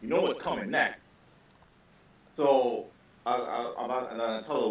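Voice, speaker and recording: Animated man telling a story on a distant call. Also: mid-range voice, unhurried, pauses often. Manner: animated storyteller, stammers and repeats words, swears freely. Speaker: podcast panelist. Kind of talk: casual group podcast chat, telling a story. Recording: roomy, distant, dull lo-fi call audio.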